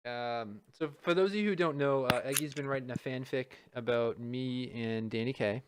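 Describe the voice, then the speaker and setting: A man's voice: medium pitch, moderate pace, background noise. A man hosting a live stream, chatting casually and joking, often stumbling over his words. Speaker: streamer host.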